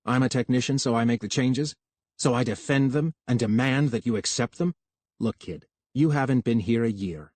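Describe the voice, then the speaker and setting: A man's voice: mid-range voice, normal speed, no echo, natural voice. Male narrator as a touchy, bitter young technician; dry, close audiobook read. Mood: angry. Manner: curt, sharp, bitter. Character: young male technician, proud, quick-tempered.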